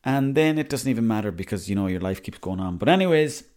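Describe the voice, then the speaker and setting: A man's voice: on the low side, lively intonation, fast talker, darkish tone. A young Irish man hosting a podcast, rambling in a chatty, casual monologue and swearing freely. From Ireland. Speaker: podcast host.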